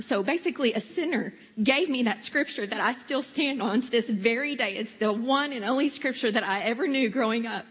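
A woman giving a heartfelt personal testimony, slowing down for emphasis. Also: on the high side, a bit bright, slightly rough. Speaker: church member sharing testimony. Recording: dull recording in a reverberant hall, faint music.

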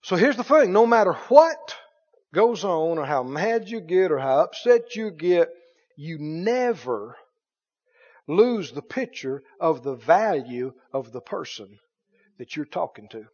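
Man, pastor, sermon, lively pitch, dull sound. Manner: animated preaching, reads scripture aloud. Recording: dull sound in a long-reverb hall.

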